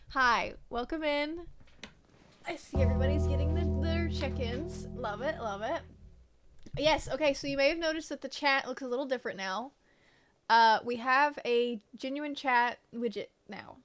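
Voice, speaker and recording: A woman's voice: high voice, moderate pace, music in the background. A woman game streamer in casual live-stream chat, greeting viewers and swearing offhandedly.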